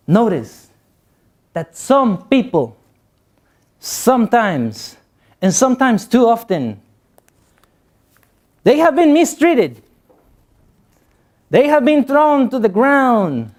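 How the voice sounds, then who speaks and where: A young male motivational speaker with a non-native accent addresses a youth audience. His voice sits high and rises and falls with lively swings. He repeats phrases for emphasis and mixes in jokes. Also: slow pace, pauses often.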